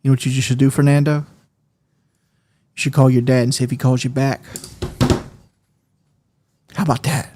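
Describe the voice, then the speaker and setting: A male game streamer in loose livestream chat, pitched in an ordinary middle range. He rambles from story to story and swears freely. He breaks into easy laughter as he goes. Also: flat delivery, mellow, slight background noise. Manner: rambling, profane, quick to laugh.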